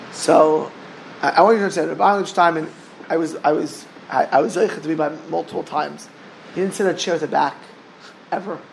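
A man teaching a Torah class, telling a story in a halting way with many repeated words. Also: fairly high pitch, gravelly, a little hiss or hum, poor audio.

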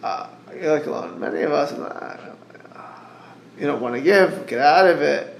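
A man giving a Torah class over a group call, earnest and halting, quoting Hebrew verses and translating them. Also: on the high side, creaky, roomy sound. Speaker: Torah teacher. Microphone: group call line.

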